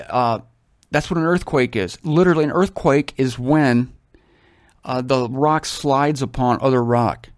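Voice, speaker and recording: An older man from Ohio reads scripture slowly and keeps stopping to marvel at it. His commentary is enthusiastic and full of rambling stories. The sound is close and dry, with a mid-range pitch. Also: expressive, no room sound. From Ohio, USA. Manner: enthusiastic, storytelling, exclaims often. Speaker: Bible reader and commentator. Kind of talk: scripture reading with digressive commentary.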